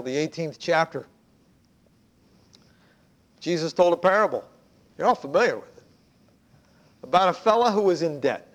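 A man preaching a sermon, telling a parable conversationally with hushed asides. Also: high-pitched. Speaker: pastor.

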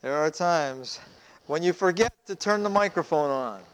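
A man's voice: on the high side, animated, moderate pace, smooth. A man, a pastor, preaching a sermon in a conversational way, asking rhetorical questions.

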